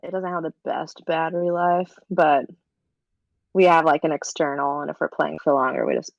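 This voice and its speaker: A relaxed, matter-of-fact woman on a casual podcast, with a low voice and a lot of gravelly fry. The recording is dry and dull, like a lo-fi mic. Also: normal speed, no echo. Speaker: podcast co-host. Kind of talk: casual chat.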